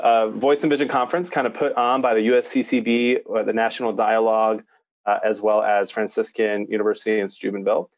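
A young man co-hosting a podcast, telling stories about ministry in casual, animated chat. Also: lowish voice. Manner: storytelling, animated. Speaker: podcast co-host, youth minister.

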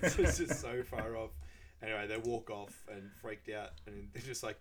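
A man's voice: medium pitch, moderate pace. Guy chatting through a movie recap, acts out the lines, bit of faint hiss behind him. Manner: animated, acts out quoted lines in raised voices. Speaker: podcast co-host. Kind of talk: casual film recap chat.

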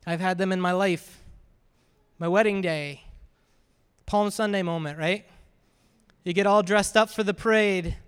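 High-voiced man preaching in an echoing hall. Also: steady tone, measured pace, pauses often, smooth. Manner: conversational preaching, frequent "right?" asides. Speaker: pastor. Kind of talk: sermon. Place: church sanctuary. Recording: reverberant hall.

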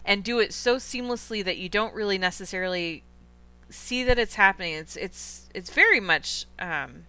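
A woman's voice: medium pitch, moderate pace, pushed and bright, clean tone. A young woman hosting a film podcast, chatting casually and enthusiastically with strong opinions. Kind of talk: casual film review chat.

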